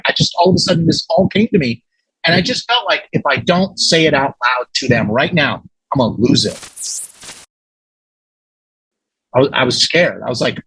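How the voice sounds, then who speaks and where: Excitable man with a husky voice. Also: a little high, a little fast, no room sound, low-quality recording. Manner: animated, excitable, swears, many restarts. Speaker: guest. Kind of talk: storytelling in a casual interview.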